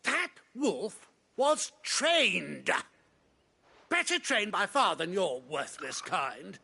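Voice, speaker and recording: Arrogant nobleman villain, high and bright, slow sneering delivery, wide swings. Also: sing-song, gravelly, husky, exaggerated voice. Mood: haughty outrage. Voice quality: haughty, theatrical, sneering. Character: arrogant cruel nobleman, middle-aged man. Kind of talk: video game voice acting.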